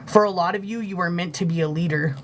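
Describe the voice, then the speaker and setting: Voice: medium pitch, quick pace, a little hiss or hum. Heartfelt, loosely rambling live reader. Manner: loose, heartfelt, swears freely, heavy filler "like"; thanks viewers for gifts mid-reading. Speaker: livestream spiritual reader. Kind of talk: casual live-stream intuitive reading.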